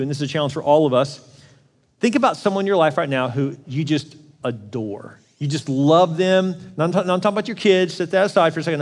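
Pastor preaching in a big reverberant hall. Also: male voice, on the high side. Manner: conversational, acts out quoted voices. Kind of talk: sermon.

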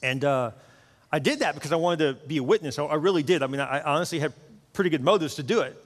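A man's voice: a little high, quick pace. A middle-aged man preaching a sermon as pastor, telling a personal story in an earnest way and often repeating words as he goes. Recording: long hall reverb with faint music.

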